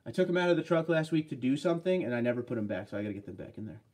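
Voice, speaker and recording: A man's voice: mid-range voice, very fast, darkish tone. A man hosting a casual livestream, chatting upbeat and rambling as he reads out viewer comments. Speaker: livestream host.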